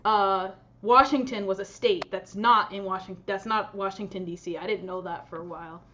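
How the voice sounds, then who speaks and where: A woman's voice: medium pitch, steady tone, normal speed, sharp tone, highs cut off, slight background noise. A young American woman chatting as a podcast guest, rambling, giggling often and teasing herself. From United States. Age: young adult. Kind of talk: casual podcast chat.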